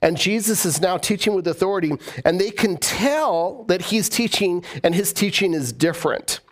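A man's voice: high-pitched, lively intonation, normal speed. Emphatic male pastor preaching. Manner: emphatic, repeats key phrases. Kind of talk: preaching a sermon.

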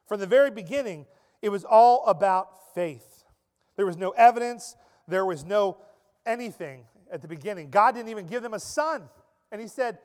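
A man preaching a sermon as pastor, dramatic, swinging from loud emphasis to a soft hush. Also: sits high, moderate pace. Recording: long reverb of a large hall.

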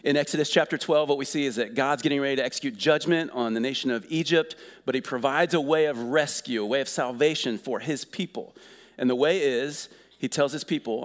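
A man preaching a sermon in a conversational, energetic way, asking the congregation questions. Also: medium pitch, a little fast, big-room sound. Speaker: pastor.

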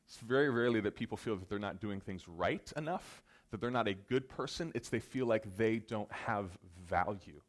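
A man preaching a sermon in an earnest manner, addressing the congregation directly, swelling to loud emphatic peaks and dropping to soft, slow lines. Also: on the low side. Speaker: pastor.

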